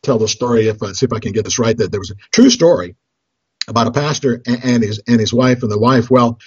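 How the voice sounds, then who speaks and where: Husky, rambling man telling money stories. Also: medium pitch, quick pace, no echo, muffled recording. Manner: rambling, restarts phrases, chuckles at his own stories. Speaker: financial counselor. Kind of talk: storytelling talk on budgeting.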